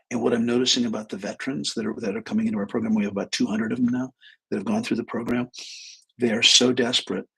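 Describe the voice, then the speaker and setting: A man's voice: medium pitch, fairly even intonation, fast talker, pushed and bright. A man telling a story on a casual live stream, acting out both sides of a conversation and swearing bluntly. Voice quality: gravelly, husky voice. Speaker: therapist and energy healer.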